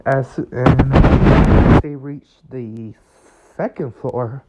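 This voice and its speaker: Slow, rambling young male storyteller. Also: mid-range voice, fairly even intonation, heavy background noise. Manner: rambling, full of fillers and restarts, chuckles at his own story. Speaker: fan fiction storyteller. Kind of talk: casual improvised storytelling. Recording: slightly muffled lo-fi recording.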